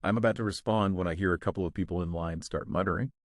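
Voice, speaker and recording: A man's voice: sits low, quick pace, no echo, clean studio sound. A man narrating a first-person story in a casual, sarcastic manner.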